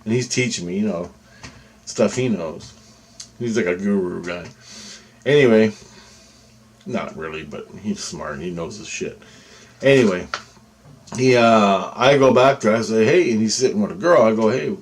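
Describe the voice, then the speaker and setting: A man's voice: fairly low pitch, normal speed, pauses often, slight background noise. Rambling man telling a story. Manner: rambling, animated, acts out quotes with fillers and restarts. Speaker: vlogger telling personal experiences. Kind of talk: casual storytelling.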